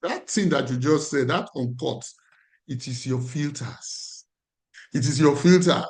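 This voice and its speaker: A man's voice: a little high, measured pace, a little mellow. A man with a Nigerian accent, a life coach teaching a class in an emphatic way and repeating his key phrases.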